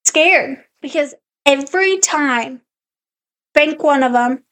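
A woman's voice: high-pitched, takes it slowly, a bit bright. A woman podcast co-host in casual chat, animatedly telling a story and acting out her own quotes.

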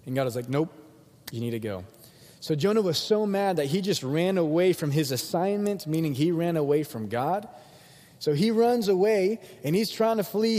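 A young man preaching a sermon, animated and acting out the people he quotes in different voices. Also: on the high side, long reverb tail. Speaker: pastor.

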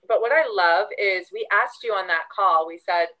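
A woman's voice: medium pitch, a little slow, bright, forceful tone, rough recording. Enthusiastic woman podcast co-host. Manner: enthusiastic, gushing. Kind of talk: casual chat.

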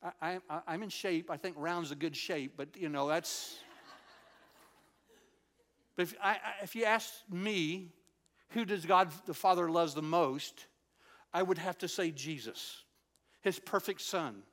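An older man preaching a sermon in an animated storytelling way, dropping to a soft, tender voice when he quotes God. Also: fairly high pitch, a little slow, long pauses.

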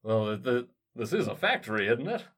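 A man's voice: medium pitch, big pitch swings, brisk, a bit bright, slightly rough. A man playing his character in a tabletop game, stammering and flustered through in-character lines. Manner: stammering, nervous in character, laughs. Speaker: player.

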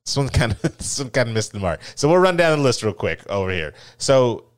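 A man's voice: medium pitch, big pitch swings, a little fast, no echo. A man co-hosting a podcast, chatting casually and reading out an article with a laid-back, rambling manner. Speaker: podcast co-host. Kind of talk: casual chat.

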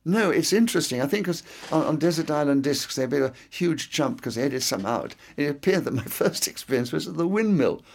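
A man's voice: on the high side, animated, brisk, vocal fry, hardly any pauses. An older man with a faint Scottish inflection in educated English, speaking with precise diction and telling anecdotes in an interview. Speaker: interviewee, veteran entertainer. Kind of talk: reflective conversational interview.

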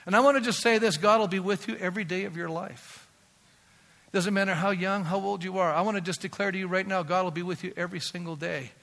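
A man preaching a sermon as pastor, emphatic and building to shouts, calling for amens from the congregation. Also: high-pitched, fairly even intonation, quick pace, creaky, long reverb tail.

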